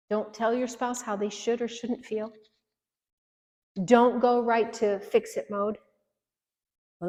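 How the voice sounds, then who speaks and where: A woman's voice: fairly high pitch, darkish tone. Earnest woman teaching in an echoey hall. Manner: earnest, coaching, direct challenges to listeners. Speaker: marriage workshop presenter. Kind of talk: workshop teaching.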